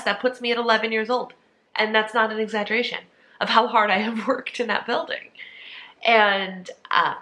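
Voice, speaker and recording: Earnest woman in her thirties, bright voice. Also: fairly low pitch. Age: 30s. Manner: earnest, emotional, talks to viewers directly. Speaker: vlogger. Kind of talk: casual chat.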